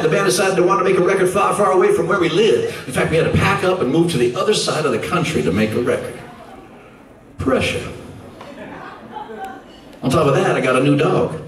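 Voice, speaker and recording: A rock singer telling a story to his audience between songs, with dramatic pauses and teasing asides to the crowd. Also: a little high. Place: concert club stage. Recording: echoey club from far, loud crowd.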